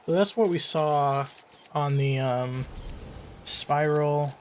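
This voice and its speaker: A man's voice: on the high side, slow, a little hiss or hum. A man thinking aloud as he plays a game, musing and asking himself questions between fillers. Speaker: let's play host. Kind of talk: casual gameplay commentary.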